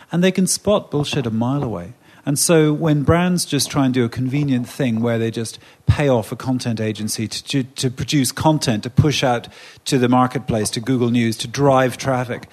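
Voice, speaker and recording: A man from England speaking on a conference panel, animated and conversational, often restarting his sentences. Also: mid-range voice. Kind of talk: panel discussion.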